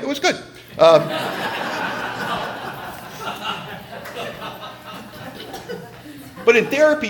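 A man giving a humorous, emphatic personal testimony at a recovery meeting, in a conversational storytelling manner. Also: high-pitched.

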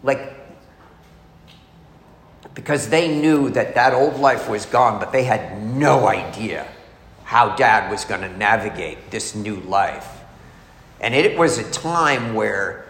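A man's voice: on the low side, sing-song, slow pace, pauses often, fairly bright tone. A middle-aged man telling his recovery story in a candid, confessional way, as a speaker at a meeting. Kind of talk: personal testimony talk. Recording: echoey hall, faint noise.

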